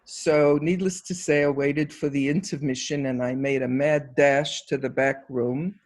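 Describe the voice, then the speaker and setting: Unhurried older storyteller in their seventies. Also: medium pitch, fairly even intonation. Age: 70s. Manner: slow, unhurried storyteller with a warm laugh. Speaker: panel speaker. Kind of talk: personal storytelling on a video call. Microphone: video call.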